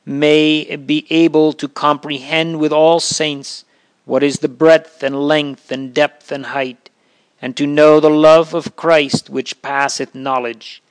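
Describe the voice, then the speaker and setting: A man reads an old religious memoir aloud at an unhurried, deliberate pace. His voice is clear and smooth, and his delivery is solemn and earnest. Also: fairly high pitch, flat delivery. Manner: slow, solemn, earnest reading. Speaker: reader.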